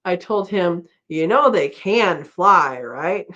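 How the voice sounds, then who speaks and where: A woman's voice: on the low side, expressive, slow, fairly bright tone. A middle-aged woman hosting a casual live-stream chat, rambling and laughing often as she reads out comments. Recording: dull lo-fi stream audio.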